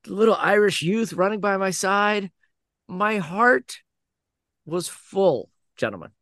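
A man's voice: on the high side, fairly bright tone, smooth, dry recording, studio quality. A man hosting a podcast, telling a funny travel story and mimicking the voices of the people in it. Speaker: podcast host. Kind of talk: storytelling anecdote.

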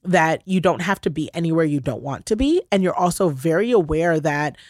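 Her voice is low-pitched and a little fast, captured in a dry, clean studio recording. As a podcast host, she laughs and gushes through personal stories in a warm, casual conversation, choking up for a moment along the way.

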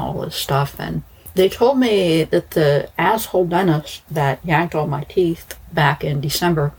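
A woman's voice: low voice, creaky, slightly rough, low-quality recording. A woman podcast host chatting in a rambling, casual monologue, her speech slightly slurred after dental surgery. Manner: rambling, chatty, frequent restarts and fillers.

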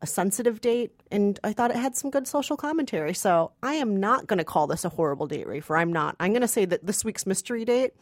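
A woman's voice: mid-range voice, animated, fast talker, few pauses, no echo, studio quality. A woman co-hosting a film review chat, earnest and pleading as she argues for a movie. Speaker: co-host.

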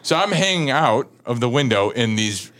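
A man in his thirties, a podcast guest, spins a long anecdote in casual chat, animated and laughing often. His voice is mid-range and normal in speed, and he says "like" a lot.

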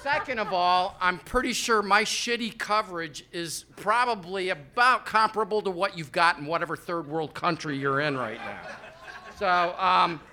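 A man in his fifties works through a stand-up set on a club stage, talking into a handheld mic. His voice is high and very bright. He rambles in a loose, conversational way and drops in crude asides. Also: moderate pace, slight background noise. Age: 50s. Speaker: stand-up comedian.

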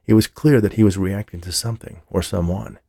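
A man narrating an audiobook in a measured storytelling manner, close to the mic. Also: low-pitched, steady tone, gravelly, warm tone, dry recording. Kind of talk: scripted narration.

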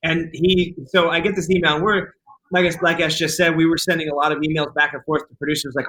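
A man's voice: fairly high pitch, level tone, quick pace, pushed and bright, poor audio. A man, a film director being interviewed, telling a story casually and acting out the quotes.

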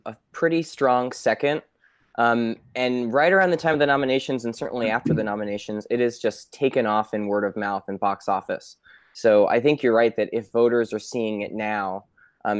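A man co-hosting a podcast, giving measured, thoughtful opinions with occasional fillers. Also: medium pitch, no echo, clean studio sound. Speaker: podcast co-host. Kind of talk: casual awards-prediction chat.

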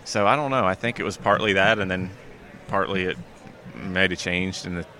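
Male interview guest with a North Carolina drawl, very deep and bright voice, easygoing casual delivery, taped outdoors on a handheld recorder. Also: normal speed. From New Jersey. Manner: laid-back, easygoing, laughs often. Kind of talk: casual chat.

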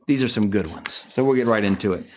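A man's voice: lowish voice, fast. A man co-hosting a podcast in casual chat, blunt and profane, rambling as he reads out listener emails. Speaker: podcast co-host.

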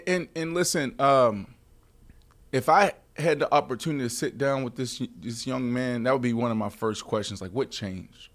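A man hosting a casual sports podcast, talking in an animated, emphatic way and often restarting his sentences. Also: medium pitch, normal speed. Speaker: podcast host.

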